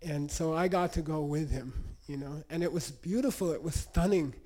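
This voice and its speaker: Brief: casual male meditation teacher, mellow and slightly high voice, keeps asking "okay?". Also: moderate pace. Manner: conversational, checks in with "okay?" and "you know". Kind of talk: storytelling lesson.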